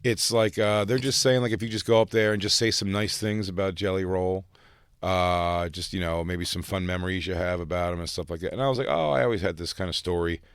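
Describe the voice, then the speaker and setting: Radio co-host, man, very deep voice, dry close mic, loose rambling storyteller. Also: fairly even intonation, brisk, clean tone, no room sound. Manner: rambling storyteller, self-deprecating. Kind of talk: casual studio banter. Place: radio studio. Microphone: studio microphone.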